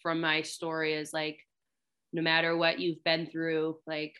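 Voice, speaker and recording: Bright-voiced woman telling her own story. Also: deep voice, monotone, unhurried, smooth. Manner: chatty, many "like" fillers, acts out quotes with a raised voice. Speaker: hunting guide sharing her story. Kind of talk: personal storytelling.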